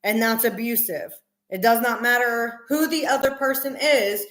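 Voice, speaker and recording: A woman's voice: a little high, moderate pace, a bit bright. A middle-aged woman hosting a casual live stream, talking earnestly and emphatically with many fillers. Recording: roomy echo.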